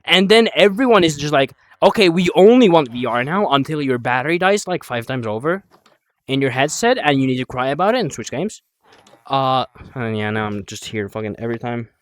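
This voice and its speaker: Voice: mid-range voice, lively intonation, a little fast. A young adult streamer chatting casually while playing a VR game, rambling, swearing and answering chat, a bit out of breath.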